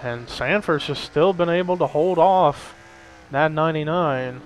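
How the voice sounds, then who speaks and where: A young man giving amateur play-by-play commentary on a simulated race, steady and given to hedging. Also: a little high, measured pace, slight background noise, rough recording. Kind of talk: amateur sim-racing commentary.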